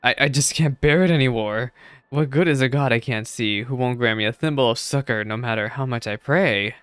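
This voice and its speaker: A man's voice: mid-range voice, fairly quick, a bit bright, smooth, no room sound, natural voice. A man voicing a timid pleading merchant. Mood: anxious, pleading. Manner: hesitant, earnest, pleading. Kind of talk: reading game dialogue aloud.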